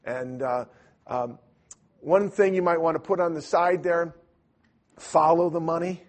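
A man teaching in a sermon style, telling a lively story and acting out voices, with loud bursts. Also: fairly high pitch, measured pace. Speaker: preacher.

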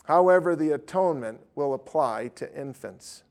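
A man teaching a Bible study who reads scripture aloud and talks haltingly, with many restarts. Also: on the high side, lively intonation, darkish tone.

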